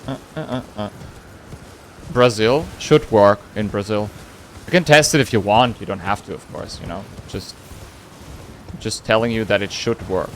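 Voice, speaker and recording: A man's voice: on the low side, moderate pace, long pauses, slight background noise. A man streaming a game, chatting casually with his viewers, reading chat and humming between lines. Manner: playful, reads chat aloud, hums and sings nonsense. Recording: faint music behind.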